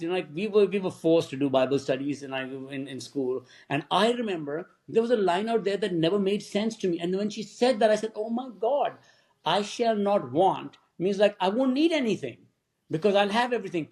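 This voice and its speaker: A man, a film director, telling lively stories in a podcast interview and acting out what other people said. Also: high-pitched, fairly quick. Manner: animated anecdotes, acts out quoted voices.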